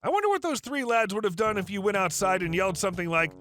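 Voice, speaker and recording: A man's voice: sits high, big pitch swings, fast talker, a bit bright. A man narrating online stories in a wry, dry scripted manner.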